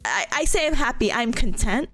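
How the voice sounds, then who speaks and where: A young woman chatting on a live stream with a high, very lively voice that swoops up and down. She giggles often as she talks, and faint music plays behind her. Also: moderate pace. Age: young adult. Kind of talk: casual live-stream chat.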